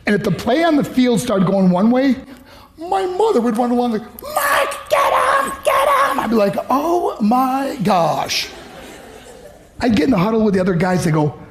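A man's voice: sits high, slight background noise. A middle-aged man from the United States giving a motivational speech, telling a personal story in an earnest, pleading way. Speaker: motivational speaker. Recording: faint music underneath. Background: soft background music.

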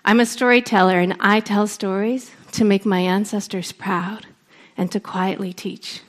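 A woman from Canada, a storyteller, giving an earnest public speech with deliberate emphasis. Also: mid-range voice, fairly even intonation. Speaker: storyteller and speaker.

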